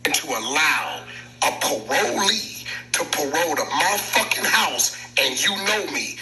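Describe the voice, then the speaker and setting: A man's voice: a little high, big pitch swings, unhurried, pushed and bright, soft background music, rough recording. Insistent man defending himself, profane. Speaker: live audio room participant. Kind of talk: defensive argument.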